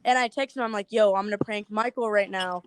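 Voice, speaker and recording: A woman's voice: mid-range voice, fast. A young woman telling prank stories on a podcast, giggling often and acting out her friends' lines. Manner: giggly, animated storyteller, acts out friends' lines. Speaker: guest TikTok creator. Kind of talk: casual podcast storytelling.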